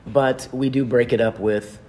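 A man's voice: mid-range voice, fairly even intonation, unhurried, a little mellow. A man, the organizer of a stage show, chatting in an interview in an upbeat way with frequent fillers. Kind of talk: casual interview chat.

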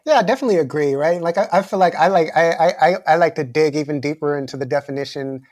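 A man in his forties, a guest author in a casual interview, talking with many fillers and restarts and growing animated as he makes his points. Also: on the high side, quick pace, no echo. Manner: fluent but filler-heavy, frequent "like" and restarts; grows animated and intense when making a point.

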